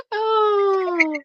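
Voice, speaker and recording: A woman's voice: very high voice, dry recording, dull audio. A woman chatting casually on a livestream, bawdy and giggly, laughing often. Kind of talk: casual chat.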